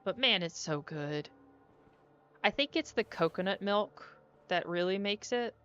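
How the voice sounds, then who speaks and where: A young woman streaming as she plays, chatting casually and getting easily excited as she muses aloud. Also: mid-range voice, unhurried, smooth. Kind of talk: casual stream chat while playing. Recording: dull lo-fi audio with faint music.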